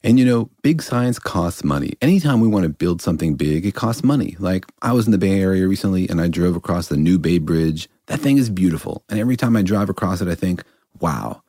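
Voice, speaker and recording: A man's voice: low-pitched, expressive, brisk, dark tone, no room sound, clean studio sound. A man co-hosting a podcast as a physicist, explaining science in an enthusiastic, playful way and laughing often. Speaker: physicist co-host. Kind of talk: casual podcast chat.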